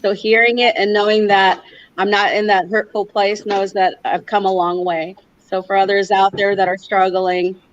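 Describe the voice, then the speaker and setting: A woman's voice: medium pitch, level tone, moderate pace, muffled recording. A woman on a panel speaking earnestly and from the heart. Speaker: reader and panelist. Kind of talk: casual chat. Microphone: video call.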